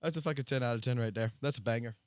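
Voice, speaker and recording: A man's voice: medium pitch, rapid-fire, no echo. A man casually commenting on a livestream, cursing freely and rambling with stammered restarts.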